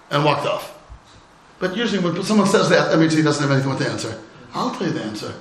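Animated man telling stories, echoey room. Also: a little high, fast talker. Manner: animated, humorous storyteller with rhetorical questions. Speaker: rabbi teaching a class. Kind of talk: storytelling Torah talk.

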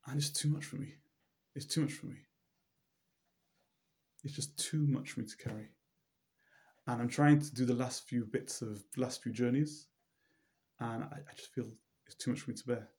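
A man voicing a simple, timid water carrier who speaks quietly and plainly. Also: mid-range voice, steady tone, normal speed, natural voice. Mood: humble, weary.

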